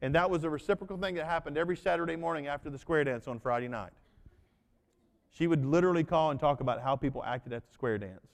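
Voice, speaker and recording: A man's voice: a little high, fast talker, creaky. Male pastor preaching in an echoey hall. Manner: folksy, animated storytelling with acted-out voices. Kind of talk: sermon. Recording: reverberant hall.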